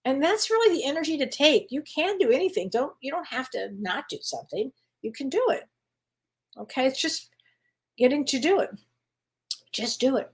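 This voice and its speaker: A woman's voice: high-pitched, expressive, normal speed, pauses often. Chatty, reassuring woman psychic host. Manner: chatty, reassuring, laughs often, many fillers and restarts. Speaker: psychic host answering viewer questions. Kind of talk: live-stream Q&A chat.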